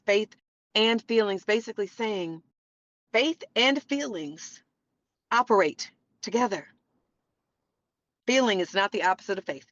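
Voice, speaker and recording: A woman's voice: mid-range voice, no echo. Give me an earnest woman preaching to her podcast listeners, recorded dry and a bit muffled. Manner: earnest, preachy, says y'all often. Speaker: podcast host. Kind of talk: faith-based motivational talk.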